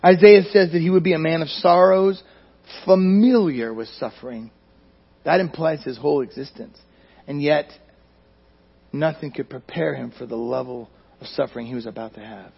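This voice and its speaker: High, gravelly-voiced man preaching. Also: normal speed. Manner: emphatic, dropping to near-quiet at phrase ends. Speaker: pastor. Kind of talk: sermon. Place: church sanctuary. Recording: dull lo-fi recording.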